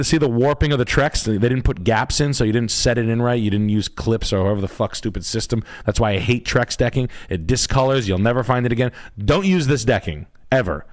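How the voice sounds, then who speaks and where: A man hosting a live stream, giving blunt, profane critiques of house listings as a realtor. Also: medium pitch.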